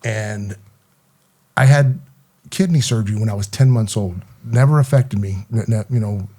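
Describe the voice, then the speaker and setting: A man speaking as an interview guest, halting with frequent restarts. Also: lowish voice, warm tone. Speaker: guest, former police officer. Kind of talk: casual interview talk.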